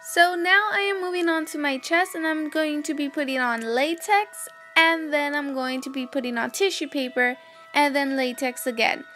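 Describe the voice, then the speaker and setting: A woman's voice: high voice, normal speed, over music. A young woman giving step-by-step voice-over narration for a makeup tutorial. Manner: steady step-by-step instructions. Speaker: makeup vlogger.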